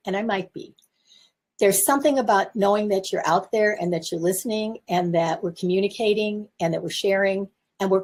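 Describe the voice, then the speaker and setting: A woman's voice: mid-range voice, darkish tone, husky. A woman in her seventies, a therapist and teacher, giving candid, self-reflective coaching talk from her office. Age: 70s. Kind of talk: casual talk to camera.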